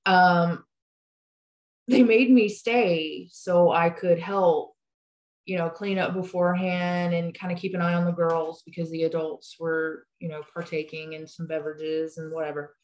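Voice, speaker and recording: A young woman telling a story on a casual podcast in a dry, deadpan way. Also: fairly low pitch, unhurried, low-quality recording. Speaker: podcast co-host, the host's daughter. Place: home, over a video call.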